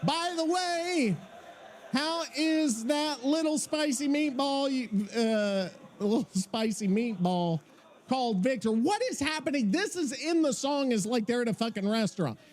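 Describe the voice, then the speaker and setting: Male podcast host, high voice, cursing, rambling casual chat. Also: normal speed. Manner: loud, profane, laughing, rambling.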